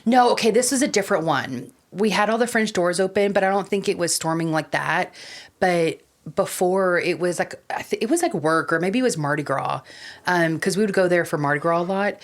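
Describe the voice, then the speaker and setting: Low-voiced Southern woman, chatty. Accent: Southern American. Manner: chatty, lots of "like" and quick laughs. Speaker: podcast co-host. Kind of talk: casual chat.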